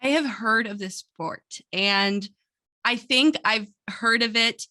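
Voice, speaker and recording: A woman producing a podcast chats with a giggly, teasing energy. Her voice is bright and forward, sitting a little high. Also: slow. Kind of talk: casual chat.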